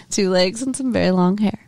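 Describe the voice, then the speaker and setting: A woman's voice: medium pitch, moderate pace, crowd noise. A woman co-hosting a podcast, recapping a show in chatty, casual talk. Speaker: podcast co-host.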